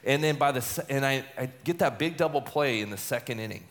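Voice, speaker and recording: A man who is a retired relief pitcher, telling a story in an interview with chatty, repeated words and lively bits of acted-out speech. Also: a little fast. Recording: long hall reverb.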